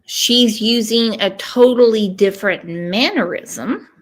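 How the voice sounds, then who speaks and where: A woman's voice: mid-range voice, slow pace. A woman giving casual true crime commentary, emphatic and stopping often to ask "okay?". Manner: emphatic, repeats "okay?" for stress.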